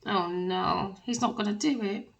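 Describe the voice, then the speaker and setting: A woman's voice: mid-range voice, a little slow, creaky, recorded from a distance, highs cut off. A woman giving a casual tarot reading, rambling and emphatic with plenty of slang. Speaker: tarot reader.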